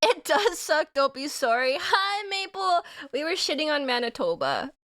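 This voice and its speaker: A woman's voice: high voice, sing-song, normal speed, fairly bright tone. A young woman from Saskatchewan chatting casually on a live stream, giggling often and swearing lightly as she reads chat. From Saskatchewan, Canada.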